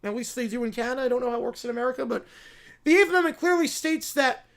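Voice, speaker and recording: A man's voice: extremely high pitch, racing, creaky, a bit bright, full character voice. A bumbling Canadian lawyer, put on by a man stumbles through his words. He stammers, repeats himself and apologizes to everyone in sight. His voice is jittery and eager in a comedy courtroom skit. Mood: flustered.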